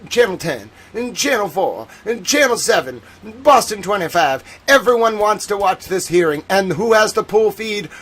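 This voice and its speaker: Excitable rambling male livestream host. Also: high voice. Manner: excitable, rambling, repeats phrases. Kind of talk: livestream commentary.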